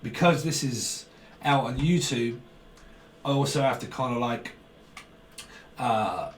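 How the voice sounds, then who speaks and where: A man's voice: medium pitch, takes it slowly. A man giving a casual tarot reading, rambling in a stream of consciousness and chuckling often. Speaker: tarot reader. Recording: roomy, distant mic, faint background noise.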